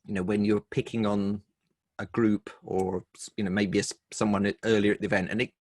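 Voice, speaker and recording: A man with an English accent and a fairly low voice tells stories in a wry, chatty way. He coaches people on humor and talks in an online interview. The sound is dry and close, with no room echo. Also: level tone, brisk. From England.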